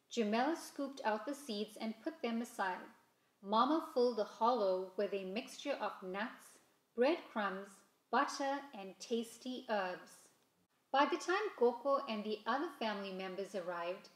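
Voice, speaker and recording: Unhurried woman reading a storybook aloud. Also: fairly high pitch. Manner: slow, expressive storytelling. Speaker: children's story reader. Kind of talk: read-aloud storybook narration. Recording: roomy echo.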